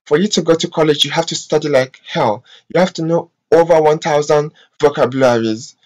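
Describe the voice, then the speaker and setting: A vlogger from talks straight to the camera. The delivery is impassioned and exasperated, thick with profanity and emphatic repeats. It is broken by drawn-out filler sounds and pauses. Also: mid-range voice, a little mellow, low-quality recording. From West Africa. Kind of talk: emotional vlog rant to camera.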